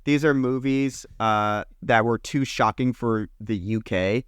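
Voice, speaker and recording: A man's voice: medium pitch, clear, resonant tone, dry recording. A young man co-hosting a podcast, eagerly running through film history year by year and swearing casually. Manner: enthusiastic, listing years in quick bursts, swears casually. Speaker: podcast co-host.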